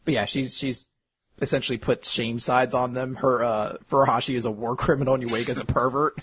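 A man's voice: medium pitch, fairly even intonation, fairly quick, noisy background. A man co-hosting a podcast, animatedly recapping an anime episode in casual chat and slipping into quoted voices. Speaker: podcast co-host.

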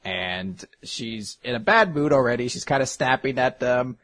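A man's voice: medium pitch, animated, moderate pace, a bit bright. A man co-hosting a podcast, animatedly recapping an anime episode in casual chat and slipping into quoted voices. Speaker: podcast co-host.

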